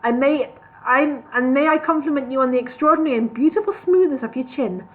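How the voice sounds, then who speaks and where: Lady doing a polite little dwarf guy, fancy and flattering, tinny sound. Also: high voice, fairly quick, natural voice. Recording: tinny lo-fi livestream audio, faint noise.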